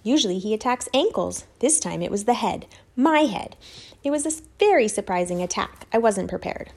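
A woman's voice: medium pitch, lively intonation, a little fast, a little mellow. A woman voicing a kindly, rattled father in a storybook, earnest and rambling.

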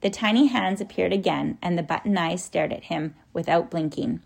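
Woman reading a storybook, gravelly voice. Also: fairly low pitch, moderate pace. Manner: lively, acts out the characters.

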